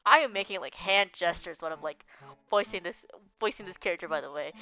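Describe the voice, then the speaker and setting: A woman's voice: mid-range voice, expressive, a little fast, sharp tone. A woman streamer making casual, joking comments while reading a visual novel aloud. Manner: chatty, joking reactions. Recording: dull lo-fi with faint music.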